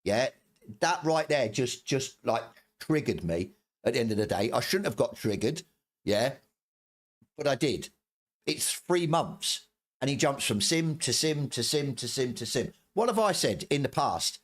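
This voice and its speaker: A man's voice: medium pitch, expressive, measured pace. A middle-aged man streaming a heated, swearing rant, stumbling over his words and repeating himself. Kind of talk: angry ranting commentary.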